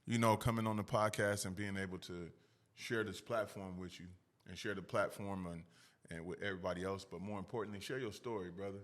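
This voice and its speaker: A man's voice: low voice, fairly even intonation, fairly quick. A man hosting a casual podcast interview, talking in an upbeat, hyped, slangy way. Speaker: podcast host.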